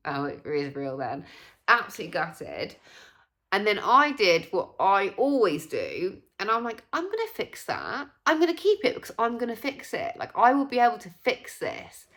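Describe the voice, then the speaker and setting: A young woman from England telling a story in a chatty vlog, acting out what people said. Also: sits low. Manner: chatty, animated, acts out quoted voices. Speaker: vlogger. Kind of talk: casual storytelling.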